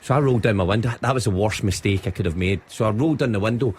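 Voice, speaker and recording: A man's voice: on the low side, animated, rapid-fire, few pauses, slight background noise. A Scottish man, a football pundit, telling a funny story on a radio show and laughing as he goes. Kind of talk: animated anecdote on sports radio. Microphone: studio microphone.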